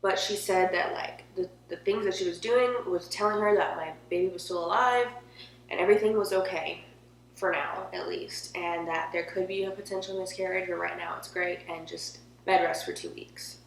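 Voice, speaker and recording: A woman's voice: fairly low pitch, steady tone, moderate pace, vocal fry. A young woman telling a personal story in a casual, emotional, chatty way, filling her talk with "like". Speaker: vlogger. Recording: echoey room with faint hum.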